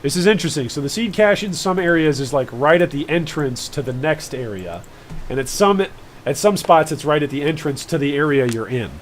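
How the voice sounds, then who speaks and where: A man's voice: a little high, slight background noise. A man streaming a game live, chatting casually and rambling with jokey asides to his viewers. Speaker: gaming streamer.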